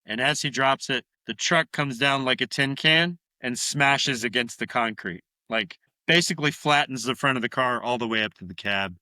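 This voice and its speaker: A man's voice: mid-range voice, normal speed, few pauses, no echo. A man co-hosting a podcast, retelling a horror film scene by scene in casual, profane chat. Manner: profane, animated retelling with acted-out quotes. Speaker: podcast co-host.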